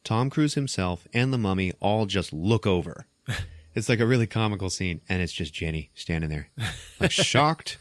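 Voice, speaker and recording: A man hosting a podcast, casually retelling a film's plot as an animated, profane storyteller. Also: low voice, normal speed, dry recording. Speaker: podcast host. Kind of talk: casual movie recap.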